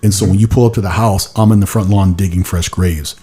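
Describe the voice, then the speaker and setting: Male podcast host, casual chat, lowish voice, mellow warm tone, rambling, lots of "like", quick silly impressions. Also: steady tone, husky. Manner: rambling storyteller, heavy use of "like", slips into silly voices.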